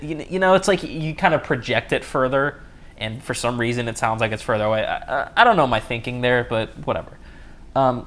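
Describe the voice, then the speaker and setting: A young man hosting a solo podcast in a casual, rambling way, cracking jokes at his own expense and often restarting sentences. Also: medium pitch. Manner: rambling, jokey, self-mocking, frequent restarts. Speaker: podcast host.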